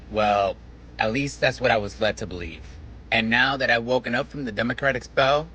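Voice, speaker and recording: A man's voice: medium pitch, pushed and bright, breathy edge. A man from New York City delivering a confident, point-by-point monologue to camera. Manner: confident, declarative, lays out points. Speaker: political commentator.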